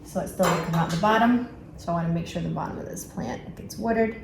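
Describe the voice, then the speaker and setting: A woman's voice: fairly low pitch, quick pace. A woman with a New York accent gives a casual plant-care vlog, chatting with lots of fillers and self-corrections as she repots plants at home. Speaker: plant vlogger. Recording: echoey room with clear background noise.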